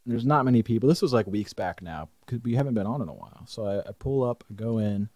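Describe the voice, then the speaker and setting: Animated young man telling a story. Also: lowish voice, fast, no room sound, studio quality. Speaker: podcast co-host. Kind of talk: casual chat.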